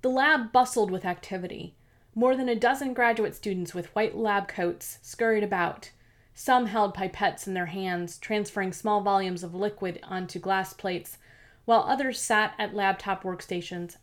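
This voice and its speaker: A woman reading a novel aloud as narrator, in a steady, measured storytelling manner. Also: mid-range voice. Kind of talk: scripted audiobook narration.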